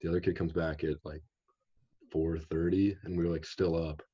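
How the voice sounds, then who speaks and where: A man's voice: low voice, level tone, moderate pace, dark tone, husky, dull audio. A young man telling a rambling story in a laid-back way, full of fillers, as a podcast guest. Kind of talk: casual storytelling chat.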